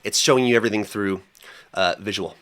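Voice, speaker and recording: A young man co-hosting a podcast, telling a story in a lively, colloquial way with lots of fillers. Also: lowish voice, fast talker. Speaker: podcast co-host. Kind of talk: casual chat.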